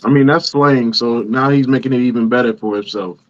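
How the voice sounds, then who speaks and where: A man's voice: medium pitch, a little fast. A man co-hosting a podcast, mocking his friends in casual chat. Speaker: podcast co-host. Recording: dull lo-fi audio.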